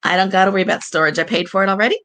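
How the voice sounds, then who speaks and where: A woman's voice: medium pitch, very fast, fairly bright tone. A woman co-hosting a grief podcast in casual chat, frank with a wry humor. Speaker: podcast co-host, grief counselor.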